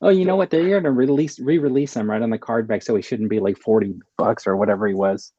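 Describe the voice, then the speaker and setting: A man co-hosting a live show in casual chat, relaxed and rambling. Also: lowish voice, quick pace, muffled recording, over a noisy crowd. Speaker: co-host.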